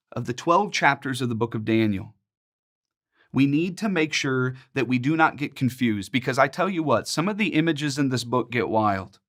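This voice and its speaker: A man in his forties leads a Bible study in an earnest, emphatic teaching voice. His pitch sits in an ordinary middle range, and he slows into measured, rhythmic pauses to press a point home. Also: fairly bright tone.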